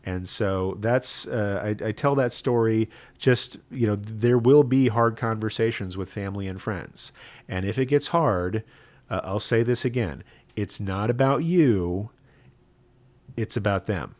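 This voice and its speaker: A rabbi tells a personal story in a low-pitched voice. He speaks earnestly and conversationally, often checking in with the listener. The sound is close and dry. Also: unhurried, darkish tone, no echo.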